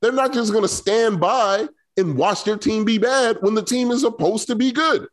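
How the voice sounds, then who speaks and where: Blunt, high-voiced sports chat man. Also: normal speed. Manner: blunt, emphatic opinions. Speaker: sports talk co-host.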